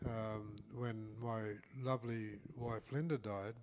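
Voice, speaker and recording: Older Australian man, halting. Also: lowish voice, steady tone, noisy background. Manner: slow, halting, repeats words. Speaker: co-host. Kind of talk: casual chat.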